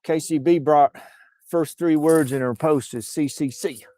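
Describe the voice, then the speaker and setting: A man's voice: on the high side, fairly even intonation, measured pace, mellow, no room sound. A man hosting a casual livestream outdoors, joking and riffing as he reads posts and comments aloud. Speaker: livestream host reading posts. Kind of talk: casual live-stream chat. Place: outdoors on a bluff.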